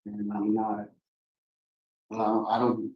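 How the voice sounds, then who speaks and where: A man defending himself in court, speaking hesitantly and haltingly to the judge. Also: on the low side, completely flat delivery, distant mic, muffled recording. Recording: echoey courtroom audio from afar.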